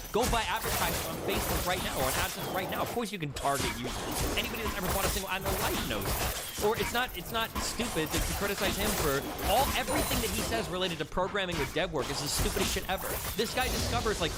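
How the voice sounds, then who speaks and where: A man on a stream, ranting in a combative, profane, rapid-fire way during a heated argument. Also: high voice. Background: loud music.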